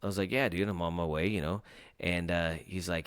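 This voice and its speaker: A man's voice: low voice, steady tone, a little fast, smooth, no echo, clean studio sound. A man hosting a casual podcast, rambling loosely with lots of hesitations. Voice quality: rambling, lots of fillers and restarts. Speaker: podcast host.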